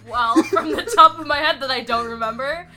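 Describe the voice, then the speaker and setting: A woman's voice: high voice, a little fast, bright, forceful tone, faint music behind. A woman co-hosting a casual podcast, giggly and dryly teasing the host.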